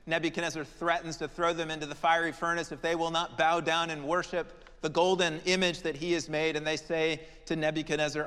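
A man preaching a sermon, moving dramatically between emphatic declarations and hushed, prayerful lines. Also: on the high side, clear, resonant tone, in a large hall. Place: church.

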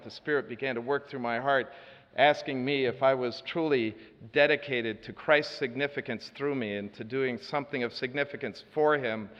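A man preaching a sermon as a story, earnest with dry asides, moving between loud and hushed delivery. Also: mid-range voice. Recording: reverberant hall, dull lo-fi sound.

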